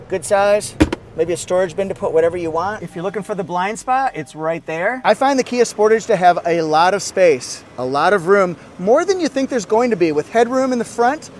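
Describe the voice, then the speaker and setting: A man's voice: high-pitched, darkish tone, a little hiss or hum. A man reviewing a car from inside it in a casual, upbeat walkthrough with joking asides.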